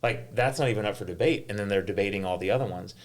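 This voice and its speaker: A middle-aged man, a golf tournament director, telling stories in an animated way on a panel, full of "like" fillers. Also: fairly low pitch, quick pace. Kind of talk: panel conversation, storytelling.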